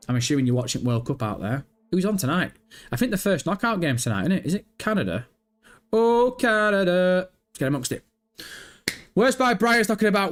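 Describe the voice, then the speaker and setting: A young man hosting a gaming livestream, chatting casually, swearing and teasing viewers in chat. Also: on the high side. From Britain. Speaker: livestream host. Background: faint background music.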